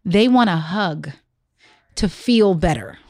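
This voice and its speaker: A woman co-hosting a podcast, chatting casually and telling animated stories about her kids. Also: fairly low pitch, slow pace, dry recording, studio quality. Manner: animated storytelling with quoted voices. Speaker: podcast co-host. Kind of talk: casual chat.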